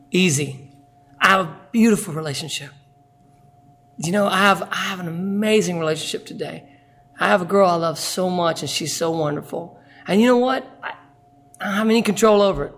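A man's voice: sits high, creaky, a bit bright. A man, from Arkansas, giving a rambling, self-mocking personal testimony at a recovery meeting and laughing often.

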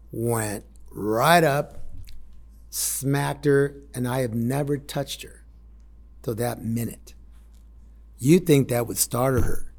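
Gravelly middle-aged man telling his story. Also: medium pitch. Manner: blunt, raw storytelling with swearing and reenacted quotes. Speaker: speaker sharing a recovery story. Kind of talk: candid personal testimony.

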